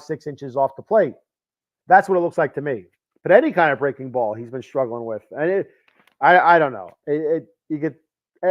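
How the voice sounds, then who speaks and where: A man hosting a casual solo sports podcast, rambling and self-deprecating, with lots of fillers and restarts. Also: mid-range voice. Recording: dull lo-fi sound.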